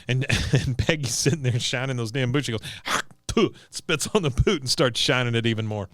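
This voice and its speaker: A man's voice: medium pitch, brisk, a bit bright, no room sound, clean studio sound. A man hosting a podcast, casually recapping a cartoon episode in a rambling, laughing way. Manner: laughing, rambling, with many fillers. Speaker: podcast host.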